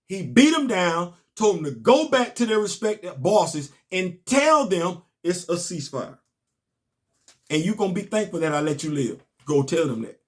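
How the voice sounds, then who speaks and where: A man's voice: sits high, moderate pace. A man, casually recapping a comic book and telling stories on his podcast. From Southern US. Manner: animated, storytelling, rising to emphatic outbursts.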